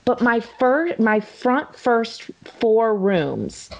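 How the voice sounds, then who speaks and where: A woman in her thirties telling a story about her children on a video call, animated and quick to laugh. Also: fairly high pitch, dull audio. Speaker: mother of young children. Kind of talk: casual chat among family.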